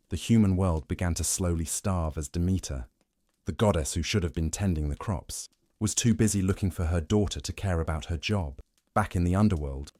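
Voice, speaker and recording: Deep, wry man narrating a sleep story. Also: no room sound, clean studio sound. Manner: wry, deadpan humor, speaking to the god as "you".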